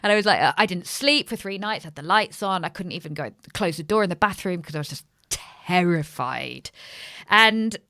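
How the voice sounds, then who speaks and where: A woman in her thirties tells a story in a casual podcast chat, with a lowish voice that is animated and swears freely. She slips into other people's voices when quoting them. The recording sounds dry and close. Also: normal speed, no room sound. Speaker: astrologer guest.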